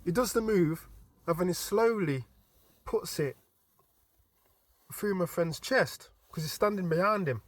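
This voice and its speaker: A man casually telling a story from his dream as a vlogger, animated and informal, often stumbling and restarting his words. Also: high-pitched, measured pace, no room sound. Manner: animated retelling with frequent stammered restarts; informal and chatty.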